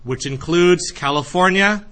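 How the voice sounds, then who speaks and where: Guy teaching history, bright forceful voice, gets loud and jokey acting stuff out. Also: high voice, a little slow. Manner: animated, acts out voices in analogies. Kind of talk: classroom lecture.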